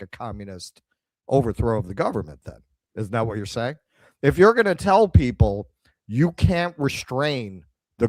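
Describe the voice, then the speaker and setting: A middle-aged man with a New York accent, co-hosting a casual chat and telling a story with animated quoted dialogue. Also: medium pitch, no echo. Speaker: podcast co-host.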